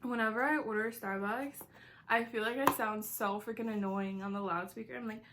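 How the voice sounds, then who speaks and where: A woman's voice: a little high, normal speed, bright, forceful tone, slight background noise. A woman in her twenties talking casually while eating in a mukbang vlog, chatty and filling her talk with "like". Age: 20s. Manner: chatty, says "like" a lot, giggly asides. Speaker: vlogger.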